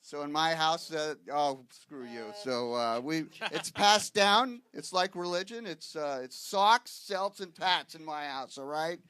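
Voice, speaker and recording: A man's voice: on the high side, lively intonation, unhurried, few pauses, sharp tone, smooth, dry recording. A man from Boston doing a stand-up comedy set, punchy and wisecracking, checking in with the crowd. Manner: wisecracking, punchy delivery with frequent "okay, guys?" asides. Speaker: stand-up comic guest. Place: live comedy show with audience.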